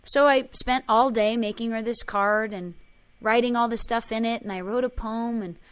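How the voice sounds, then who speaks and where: A woman leading a spiritual workshop, telling emotional personal stories with quoted dialogue and chanting a repeated clearing phrase. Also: fairly high pitch, steady tone, moderate pace. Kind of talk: talk to a group.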